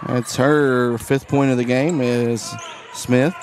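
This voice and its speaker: Hoarse raspy man calling basketball. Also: medium pitch, steady tone, noisy background. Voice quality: raspy, strained voice. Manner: brisk play-by-play, casual asides to listeners. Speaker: play-by-play announcer. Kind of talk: live basketball commentary. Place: school gym.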